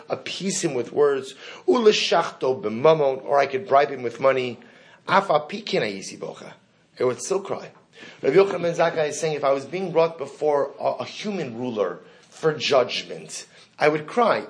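A man with a fairly high voice leads a Talmud class. He reads each passage, then translates and explains it, and he keeps turning to his students with questions. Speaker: Torah teacher.

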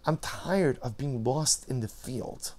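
A man teaching a Torah class, moving from quiet reflection to loud emphatic repetition. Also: mid-range voice, slow.

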